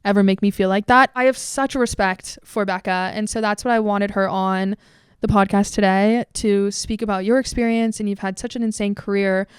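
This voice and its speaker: A woman's voice: medium pitch, fairly even intonation, moderate pace, clean tone, no echo, clean studio sound. A young woman in her twenties hosting a podcast, gushing and emotional in casual chat, swearing freely. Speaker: podcast host.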